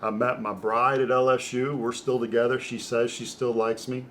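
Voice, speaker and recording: A middle-aged man, a former ballplayer, telling stories from his career in a lively, casual interview. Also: medium pitch, normal speed, a little hiss or hum. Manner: animated storyteller who acts out quoted voices. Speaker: guest, former baseball pitcher.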